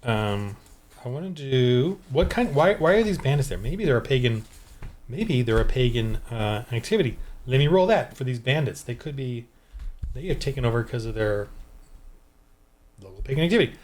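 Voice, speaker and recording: A man's voice: mid-range voice, animated, normal speed, darkish tone. A man who designs tabletop games, talking casually into a desk microphone and thinking aloud while he rolls dice to prepare a game. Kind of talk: casual solo game-prep walkthrough.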